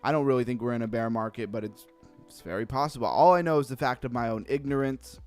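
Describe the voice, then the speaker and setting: A man hosts a casual crypto livestream from home, chatting loosely with viewers at an average pitch. He often trails off into quiet mumbles between points. Faint music plays behind him. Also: fast talker, clean tone. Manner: chatty, reads chat messages aloud, trails off into low mumbles. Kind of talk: casual live-stream chat.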